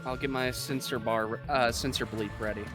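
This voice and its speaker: A man chatting casually as a tabletop game player, blunt and quick to swear. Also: medium pitch, fairly even intonation, over music. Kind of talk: casual chat.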